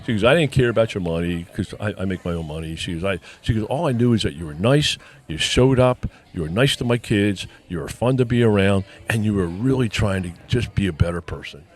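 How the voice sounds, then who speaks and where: A man's voice: fairly low pitch, lively intonation, a little fast, hardly any pauses, breathy edge. A man co-hosting a casual chat, telling a personal story and acting out the dialogue. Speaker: podcast co-host.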